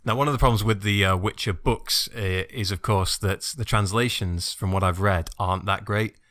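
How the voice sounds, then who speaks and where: A man's voice: lowish voice, moderate pace, fairly bright tone, dry recording, clean studio sound. A man hosting a casual podcast chat who rambles and fills his talk with "uh". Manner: rambling with frequent "uh" fillers. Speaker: podcast host.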